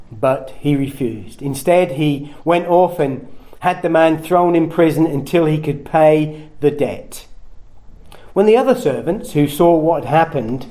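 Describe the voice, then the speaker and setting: A man preaching a sermon in an earnest way, his voice rising at emphatic points. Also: warm tone. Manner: earnest, rises in pitch and volume at emphatic points.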